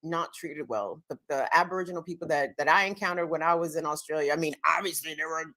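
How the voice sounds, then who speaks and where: A woman's voice: low voice, fast. A woman co-hosting a morning show, talking in blunt, profane casual chat. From United States. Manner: blunt, profane, animated storytelling. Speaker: co-host.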